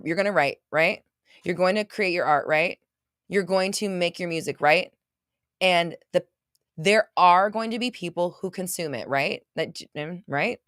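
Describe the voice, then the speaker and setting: A woman's voice: lowish voice, fairly bright tone, dry recording, clean studio sound. Emphatic woman hosting a motivational livestream. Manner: emphatic, gushing, repeats herself, swears; reads viewer comments aloud. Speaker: livestream host. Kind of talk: casual motivational livestream chat.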